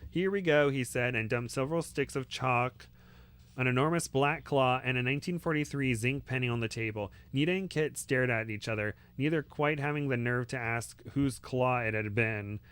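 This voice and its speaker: A man reading a novel aloud in a steady way, with small slips and restarts. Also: mid-range voice, moderate pace, smooth. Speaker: reader.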